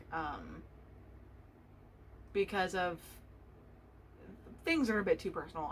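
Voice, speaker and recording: A woman's voice: fairly low pitch, a bit bright, slight background noise, low-quality recording. A young adult woman hosting a solo podcast, talking candidly and emotionally, swearing freely and restarting her sentences. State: choked up, tearful. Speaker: podcast host. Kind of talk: personal solo podcast talk.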